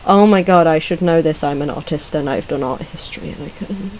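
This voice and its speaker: A young British woman hosting a casual ranking video, talking in a scattered, swearing, laughing way and now and then breaking into squeaky voice stims. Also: brisk, a little mellow, low-quality recording. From Britain. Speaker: video host. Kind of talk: casual solo ranking chat.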